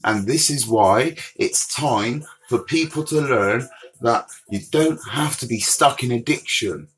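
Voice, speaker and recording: A man's voice: medium pitch, unhurried, fairly bright tone, low-quality recording. Chatty Bristolian man on a livestream. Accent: Bristolian West Country. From Bristol, England. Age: 40s. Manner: chatty, direct, answers viewers by name. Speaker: recovery mentor livestream host. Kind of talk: casual livestream chat, reading comments. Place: outdoors walking around. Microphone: phone livestream.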